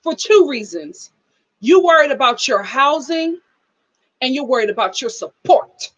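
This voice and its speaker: A woman's voice: high voice, very animated, measured pace, a bit bright, poor audio. A woman hosting a live reality-TV review in a casual chat style, sassy and emphatic, scolding the people she discusses. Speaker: show host.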